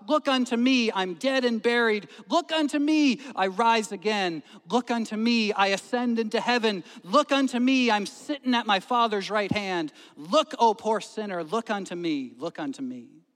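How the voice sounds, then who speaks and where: A pastor voicing a fervent lay preacher. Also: male voice, high voice, normal speed, hardly any pauses, pitched above the performer's own voice. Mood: pleading. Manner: repetitive, pleading, rising to shouts. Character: fervent plain-spoken male lay preacher, shouting. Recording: long hall reverb.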